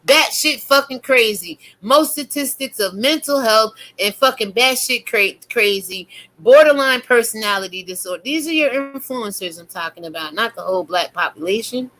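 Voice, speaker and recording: Sex: woman. Role: YouTube preacher. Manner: fiery, cursing, bright voice. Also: on the high side, low-quality recording. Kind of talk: religious rant to camera.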